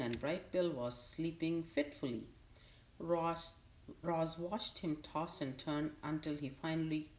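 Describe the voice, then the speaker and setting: A woman narrates a storybook in a calm, steady, unhurried manner. Her voice sits low, and the recording carries a roomy echo. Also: a little hiss or hum. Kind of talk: audiobook narration.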